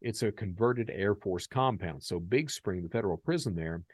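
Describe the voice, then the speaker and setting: An American man hosting a podcast, talking casually and candidly with many fillers, growing animated in his stories. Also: lowish voice, normal speed, husky, dry recording, clean studio sound. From United States. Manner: animated when telling stories. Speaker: podcast host.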